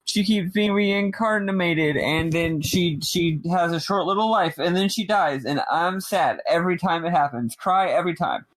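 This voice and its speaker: A man's voice: high voice, normal speed, few pauses, fairly bright tone, no room sound, voice pushed up, rough recording. A man putting on a whining voice to mock a brooding male villain. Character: whiny brooding male villain, self-pitying.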